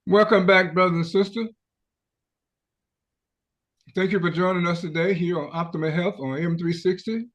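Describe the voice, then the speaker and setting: A man's voice: sits high, fairly even intonation, normal speed, long pauses, fairly bright tone. A man hosting a radio health talk show, speaking in a preacherly way and often addressing listeners as brothers and sisters.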